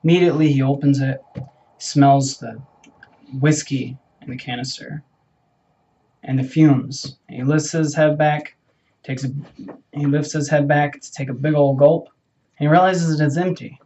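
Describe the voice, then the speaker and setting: A man's voice: on the high side, fairly even intonation, normal speed, dark tone. A young man telling a made-up story in a playful, rambling way while getting a haircut, stopping to correct himself now and then. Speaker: vlogger. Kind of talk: casual storytelling during a haircut.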